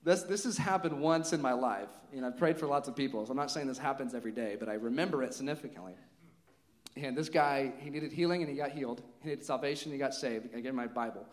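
A young man preaching a sermon, telling a personal story in a lively way with frequent laughs and casual fillers. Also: mid-range voice, fast. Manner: animated storytelling, laughs often, many "like" fillers.

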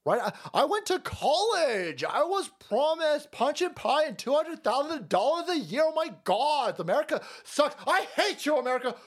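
A man's voice: very high voice, big pitch swings, normal speed, hardly any pauses, voice pushed up. Man mimicking a whiny entitled young woman. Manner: mocking, melodramatic whining.

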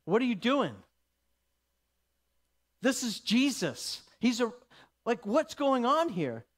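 A man's voice: extremely high pitch, big pitch swings, slow pace, a bit bright, pitched above the performer's own voice, full character voice. A man preaching, voicing scandalized disciples scolding a woman in the crowd. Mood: indignant. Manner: indignant, accusing.

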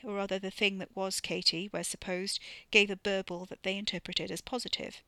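Bright lady narrating a novel, steady and measured, dry sound. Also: mid-range voice, no echo. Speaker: audiobook narrator. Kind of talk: scripted narration.

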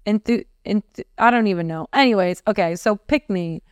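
A woman from Russia talks casually as a podcast co-host, rambling a little as she hunts for the right word. Her voice is smooth and clear. The sound is dry, with no room echo. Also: mid-range voice, brisk. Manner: chatty, searching for words. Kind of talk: casual chat.

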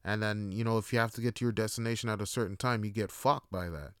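A man's voice: lowish voice, fairly even intonation, fast talker, a bit bright, clear, resonant tone, dry recording, studio quality. A man hosting a podcast, telling a long profane story in a rambling, casual monologue with lots of fillers. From Toronto. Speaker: podcast host.

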